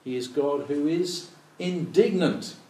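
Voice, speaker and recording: A man with a slightly high voice leads an informal Bible study slowly, thinking aloud, asking rhetorical questions and acting out quoted prayers. The recording is very noisy, roomy and distant-miked, with faint room ambience.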